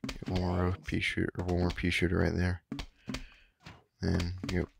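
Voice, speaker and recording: Man, frog in his throat, voice cracking, quiet late-night gaming chat, slangy and boastful, game music playing clearly behind. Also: completely flat delivery, normal speed. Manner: talking low and hushed late at night. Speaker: gamer. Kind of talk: casual let's-play commentary.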